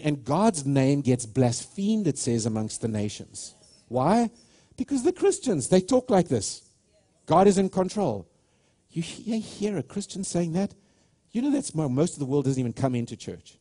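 A male pastor preaches with fervent emphasis, pressing each point and stumbling into restarts as he builds. His mellow, darkish voice swings widely in pitch, sitting a touch high. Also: lively intonation, normal speed. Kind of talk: sermon.

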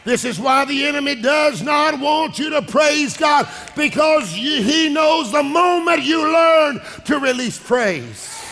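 A male pastor preaching a sermon, shouting and singing his lines and calling out to the congregation. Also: very high-pitched, vocal fry. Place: large church hall with congregation. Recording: echoing hall with music and crowd.

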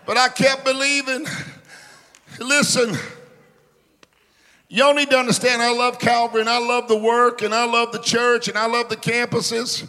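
A man, preaching a sermon, swinging from shouts to hushed asides. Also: very high voice, little pitch movement, normal speed, long pauses. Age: 50s. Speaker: pastor. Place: large church sanctuary. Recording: reverberant church hall.

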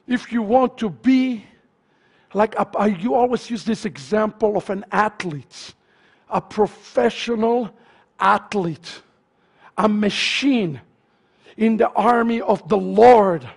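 A male pastor preaching a sermon to his congregation, swinging from loud fervent shouts to hushed, near-murmured lines. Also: high voice, slow pace, gravelly, breathy edge. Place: congregation's sanctuary.

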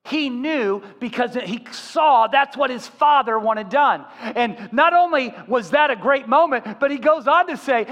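High-voiced pastor preaching in a reverberant hall. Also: male voice, measured pace, hardly any pauses. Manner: animated storytelling, acting out voices. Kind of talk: sermon.

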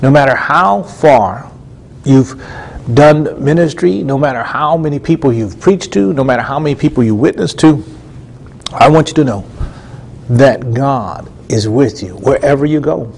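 A man's voice: mid-range voice, lively intonation, a little slow, creaky, a little mellow, slight background noise. A middle-aged man hosting a Christian TV show, preaching in a conversational, earnest way with repeated phrases and frequent restarts. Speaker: TV ministry host and preacher. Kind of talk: conversational sermon teaching.

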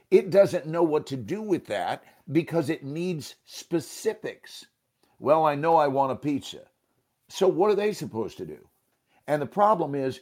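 A man's voice: medium pitch, darkish tone, breathy edge. A man, an actor and teacher, telling a motivational story as a guest. He speaks emphatically and acts out the dialogue.

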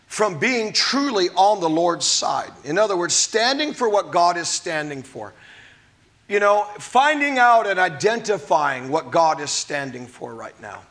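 Fiery high-voiced preacher man. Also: pushed and bright. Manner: fiery, emphatic preaching with sudden high bursts; repeats words when worked up. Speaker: pastor. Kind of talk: sermon.

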